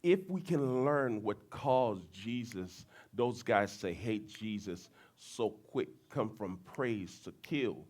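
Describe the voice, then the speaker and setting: A man's voice: fairly low pitch, slow, hardly any pauses. A man preaching a sermon as pastor, switching into Creole and acting out crowd voices. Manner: animated, switches between English and Creole, acts out crowd voices. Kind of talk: bilingual sermon.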